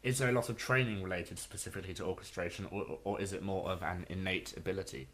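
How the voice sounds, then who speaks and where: A man's voice: low voice, fast, a bit bright. A man co-hosting an interview, practical in tone, steering the talk and reading out listener questions. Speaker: podcast co-host.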